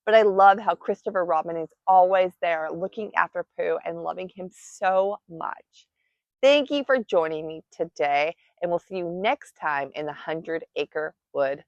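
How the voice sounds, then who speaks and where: A woman reading a classic children's story aloud in a gentle, cozy bedtime style. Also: fairly low pitch, unhurried, no room sound. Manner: soft, cozy, expressive. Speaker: storytime reader. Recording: dull lo-fi dry recording.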